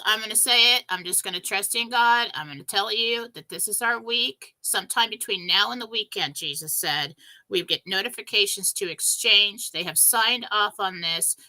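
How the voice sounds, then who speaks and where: Woman host, very bright tone, breathless, emphatic, animated spiritual story. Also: mid-range voice, moderate pace, rough recording. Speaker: show host.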